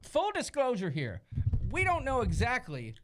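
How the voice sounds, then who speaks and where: A Midwestern American man co-hosting a casual live-stream chat, jokey and animated, reading out viewer comments. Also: extremely high pitch, normal speed. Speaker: co-host.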